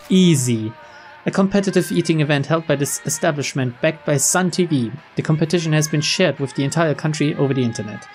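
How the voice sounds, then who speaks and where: A young man reads a visual novel aloud for viewers, his voice sitting a bit higher than most men's. He switches between plain narration and relaxed, chuckling side remarks. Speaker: let's player.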